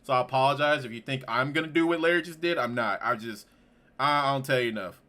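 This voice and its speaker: A man giving let's-play commentary on a game, slangy and profane, shaken and near tears, swinging from quiet mumbling to outbursts. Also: medium pitch, fast. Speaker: gaming YouTuber.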